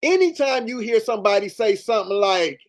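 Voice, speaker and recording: A show host on a commentary program reads out text messages and answers them with emphatic repetition and rhetorical questions. His voice is high-pitched and animated, a little fast.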